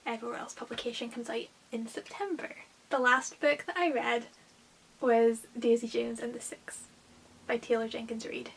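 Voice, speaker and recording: A woman's voice: a little high, poor audio. Chatty young woman reviewing books. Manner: chatty, lots of "like" and "um" fillers. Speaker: book vlogger. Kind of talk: casual book review chat. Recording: faint hiss.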